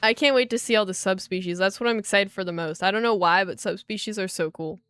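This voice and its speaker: A young woman livestreaming a game launch, chatting excitedly to her viewers and calling them guys. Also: mid-range voice, fast talker, clear, resonant tone, no echo. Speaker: livestreaming gamer. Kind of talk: casual livestream chat.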